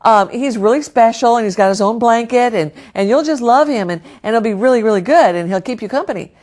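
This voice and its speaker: A woman voicing an excited five-year-old girl who begs and pleads in a high, squealing voice. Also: brisk, natural voice. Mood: tearful pleading. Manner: squealing, begging, high-pitched.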